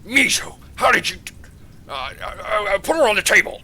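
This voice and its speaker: A man's voice: high voice, very animated, brisk, sharp tone, voice pushed up, exaggerated voice. Man doing a flustered, doting king. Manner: flustered, stammering. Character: fussy doting king, father of a princess.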